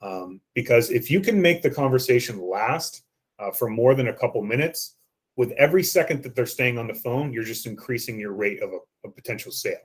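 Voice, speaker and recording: A man's voice: mid-range voice, expressive, a little fast, husky. A man giving a training lesson on phone sales scripts, coaching listeners and acting out the script lines.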